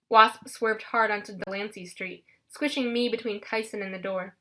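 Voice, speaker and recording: A woman narrating an audiobook in a lively first-person storytelling manner. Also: medium pitch, normal speed, hardly any pauses.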